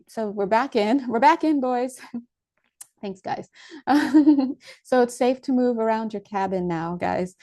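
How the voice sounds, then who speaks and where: A woman's voice: on the high side, lively intonation, slow pace, darkish tone. A woman giving a casual spiritual talk to her viewers. She rambles, loses her thread and starts over, and laughs often between phrases. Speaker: spiritual teacher.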